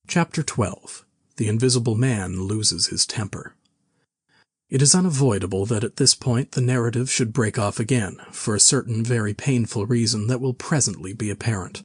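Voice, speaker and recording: A man reading a classic novel aloud with measured, even storytelling. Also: mid-range voice, breathy edge, no room sound, studio quality. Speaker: narrator. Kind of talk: scripted narration of a classic novel.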